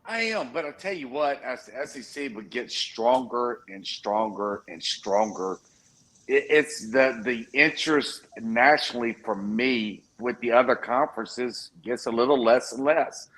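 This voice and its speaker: A man's voice: medium pitch, animated, a little slow, fairly bright tone, low-quality recording. Male call-in guest, mid-range voice, friendly and frank. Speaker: radio show host, call-in guest. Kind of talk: casual radio chat.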